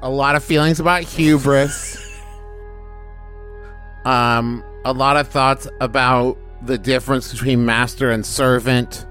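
Male player at a tabletop game, average-pitched, casual, faint music behind. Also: fairly even intonation, takes it slowly, a bit bright.

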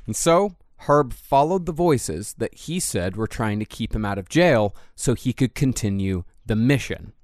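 A man's voice: medium pitch, animated, unhurried, hardly any pauses, darkish tone, dry recording, clean studio sound. A man hosting a true crime podcast, narrating the case bluntly with profane asides. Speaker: podcast host.

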